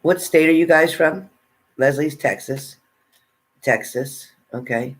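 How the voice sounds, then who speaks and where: A man's voice: on the high side, slow pace, a bit bright. Chatty man reading live comments. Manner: chatty, reads out viewers' comments, eats while talking. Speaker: tarot reader greeting live chat. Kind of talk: casual live-stream chat.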